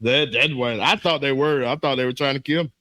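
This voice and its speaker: A man's voice: medium pitch, fairly quick, sharp tone, no echo, clean studio sound. A man co-hosting a comedy podcast, telling stories in loose, profane casual chat. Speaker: podcast co-host.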